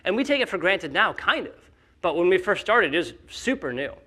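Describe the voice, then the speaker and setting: Animated man giving a casual conference talk. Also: high-pitched, brisk. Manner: animated, acts out quoted skeptics, many fillers. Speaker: company founder speaking at a conference.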